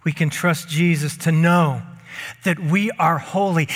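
A man's voice: on the high side, fairly even intonation, measured pace, fairly bright tone, long reverb tail. A man preaching a sermon as pastor, speaking emphatically, repeating key phrases and leading the congregation to speak lines back. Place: church sanctuary.

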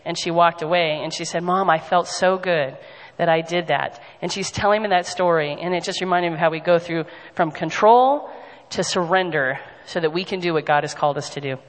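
Lively woman telling a story in a hall. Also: fairly low pitch, fairly quick. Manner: animated, laughing storyteller. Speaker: pastor's wife sharing a story. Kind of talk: storytelling to a congregation.

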